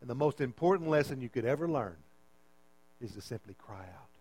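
A man's voice: mid-range voice, expressive, brisk, darkish tone, slight background noise, poor audio. A man preaching a sermon as pastor, emphatic and repeating his phrases as he calls out to the congregation.

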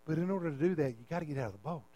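High-voiced pastor pleading in a sermon. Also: male voice, lively intonation, very fast, mellow. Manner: impassioned, pleading with listeners. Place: church sanctuary. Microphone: handheld microphone.

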